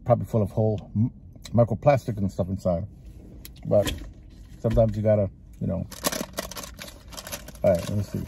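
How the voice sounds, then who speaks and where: A man's voice: on the low side, steady tone, normal speed, vocal fry, long pauses, dark tone, slight background noise. A man with a Texas-sounding drawl vlogging casually as he eats in his parked car, rambling and chatty, talking between bites. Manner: rambling, chatty, talks while chewing. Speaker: food vlogger. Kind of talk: casual eating vlog. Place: parked car with engine running.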